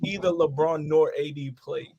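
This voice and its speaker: Man, higher-leaning voice, casual sports talker, filler-heavy. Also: normal speed, mellow, muffled recording, a little hiss or hum. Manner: conversational, uses fillers like "like" and "I mean". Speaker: sports podcast co-host.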